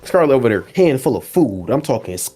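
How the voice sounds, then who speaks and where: Animated man recapping anime, mellow voice. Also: mid-range voice, fast talker. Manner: animated storytelling, acts out characters' lines, laughs often. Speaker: podcast host. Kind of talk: casual anime recap chat.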